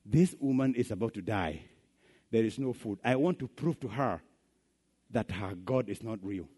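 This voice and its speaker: A man voicing a scornful, wicked neighbor, speaking in a low, sneering growl. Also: normal speed, dark tone, slightly rough, in a large hall. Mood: scheming sneer. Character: evil scornful neighbor man, mocking and gruff.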